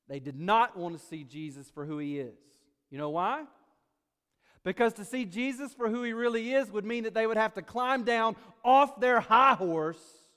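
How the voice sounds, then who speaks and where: A man preaching a sermon as pastor, swinging between loud urgency and quiet asides. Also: high voice, clean tone, long reverb tail.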